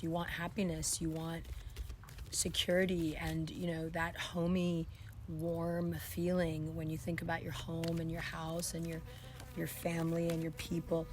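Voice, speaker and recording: A woman with a hoarse, worn voice giving a casual monthly tarot reading outdoors, talking in a relaxed, reassuring way and often repeating her phrases. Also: lowish voice, a little hiss or hum. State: hoarse, lost voice. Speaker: tarot reader. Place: outdoors in a breezy spot.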